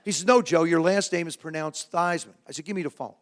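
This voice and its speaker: A man around seventy, from New Jersey, telling lively, self-mocking stories to a live audience as a former quarterback and guest speaker. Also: a little high, quick pace. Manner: lively anecdotes with self-mocking humor, frequent restarts. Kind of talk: storytelling talk to a live audience.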